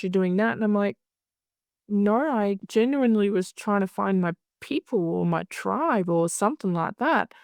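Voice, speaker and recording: A woman's voice: mid-range voice, a little mellow, no room sound, studio quality. A middle-aged woman in a candid interview, who talks bluntly, swears freely and acts out other people's lines. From Australia. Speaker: hypnosis conference director.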